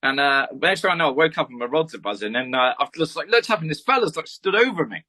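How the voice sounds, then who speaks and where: A man's voice: on the high side, expressive, quick pace, bright, forceful tone. A man, a podcast guest, rambling through a story in casual chat and swearing freely.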